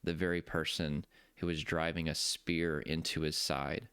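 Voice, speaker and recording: A man coaching on nervous-system health gives an earnest, heartfelt talk about his faith, slowing down to stress key points. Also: very deep voice, level tone, creaky, fairly bright tone, smooth, dry recording, studio quality. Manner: earnest, preacherly, slows down for emphasis.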